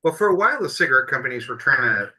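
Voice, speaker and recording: A man's voice: medium pitch, rapid-fire, slightly rough, poor audio. A man talking casually and loosely in a group discussion, full of "like" and "you know.". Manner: relaxed, chatty, many "like" and "you know" fillers. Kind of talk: casual chat.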